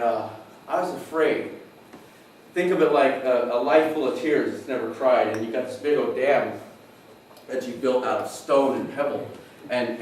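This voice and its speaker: A middle-aged male pastor telling a personal story in a sermon, emotional and halting, often restarting his sentences. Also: medium pitch. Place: large church hall. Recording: echoey church hall from far off, faint noise.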